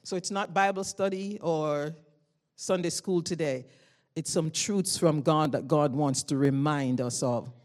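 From the pulpit, a woman with a low voice preaches a sermon at an unhurried pace, loud and fervent. Her conversational storytelling swells into sudden emotional bursts, and she speaks personally and directly, as if addressing each person in the congregation.

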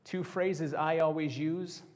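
A man gives a lively, conversational sermon to a Bible study group, tossing joking asides to his listeners. His voice is fairly high and he speaks slowly.

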